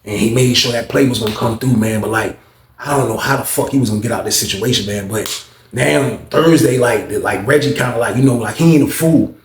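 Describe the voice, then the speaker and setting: A man telling stories from prison life in a casual, animated way, jumping up in pitch to act out other people's lines. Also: fast, roomy sound. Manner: animated, acts out others' lines in a higher, louder voice. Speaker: storyteller recounting prison life. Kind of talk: casual storytelling to camera.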